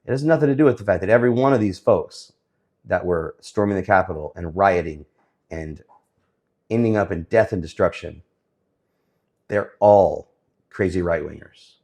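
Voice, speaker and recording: Man, low voice, news commentary, sarcastic, hesitant, casual. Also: normal speed, long pauses, a little mellow. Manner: sarcastic, hesitant with many fillers.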